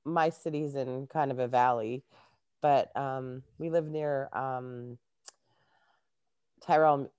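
A woman's voice: extremely low pitch, fairly even intonation, slow pace, long pauses, mellow, clean tone, dry recording, muffled recording. A Canadian woman, a life coach, chatting casually as an interview guest and laughing often.

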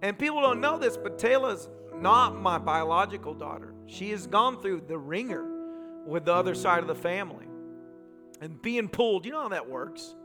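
A male pastor preaching a sermon, telling vivid personal stories in quick, emphatic phrases. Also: sits high, animated, music in the background. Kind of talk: sermon storytelling.

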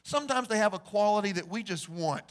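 A man preaching a sermon, telling stories and acting out the people in them, building to loud emphasis. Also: high voice, lively intonation, quick pace. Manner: storytelling, acts out quoted voices, rises to loud emphasis. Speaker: pastor.

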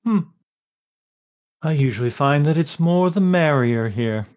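A man's voice: a little high, lively intonation, unhurried, darkish tone. A man voicing a smug courtly fey host.

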